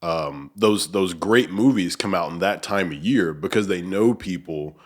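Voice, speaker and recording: Low-voiced male host, loose and rambling; casual chat in a small room. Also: unhurried. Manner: rambling, filler-heavy, searching for words. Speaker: podcast host. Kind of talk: casual conversation. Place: small untreated room with echoing walls.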